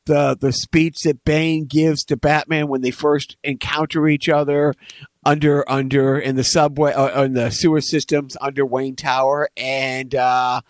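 A man's voice: mid-range voice, little pitch movement, measured pace, no echo, clean studio sound. A man co-hosting a podcast in casual chat, rambling, repeating words and laughing often. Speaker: podcast co-host.

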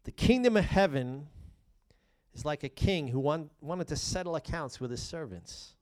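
A man preaching a sermon as pastor, reading scripture and explaining it, swinging between loud emphasis and hushed asides. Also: fairly high pitch, animated, moderate pace.

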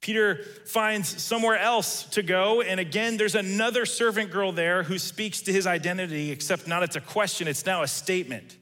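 Male preacher, casual sermon delivery, bright tone, big reverberant room. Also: high voice, moderate pace, hardly any pauses. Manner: conversational, acts out quoted lines. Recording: reverberant hall.

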